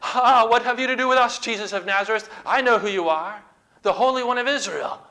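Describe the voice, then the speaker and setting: A man's voice: very high-pitched, fairly quick, sharp tone, pitched above the performer's own voice, exaggerated voice. A man voicing an alarmed male demon that cries out in fright.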